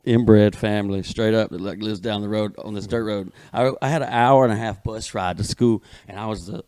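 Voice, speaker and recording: A man's voice: fairly low pitch, steady tone, fairly quick, a little mellow, no echo. Rambling man telling stories. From Alabama. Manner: long rambling profane storytelling. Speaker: guest comedian. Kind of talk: casual podcast chat.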